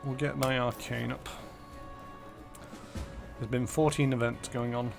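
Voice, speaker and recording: A man's voice: mid-range voice, flat delivery, a little slow, creaky, over music. A man streaming a game, muttering casually through menus and numbers. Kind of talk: casual gameplay commentary.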